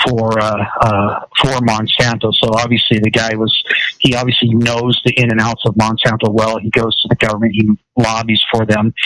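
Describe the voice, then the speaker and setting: A man talking as a guest on a talk show, telling a rambling, animated story. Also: fairly low pitch, no echo, poor audio. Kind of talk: casual interview talk.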